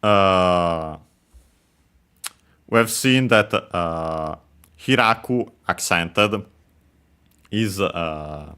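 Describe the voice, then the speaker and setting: Slow, low-voiced man explaining with fillers. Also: a bit bright, smooth. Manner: hesitant, many fillers and self-corrections; explanatory, chuckles while explaining. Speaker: language teacher. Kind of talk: let's-play language lesson.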